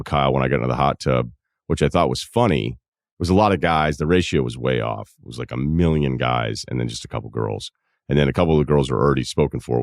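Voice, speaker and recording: A man hosting an advice podcast, reading listener emails aloud and breaking off for dry, deadpan asides in a casual, chatty way. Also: a bass voice, vocal fry, no echo. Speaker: podcast host.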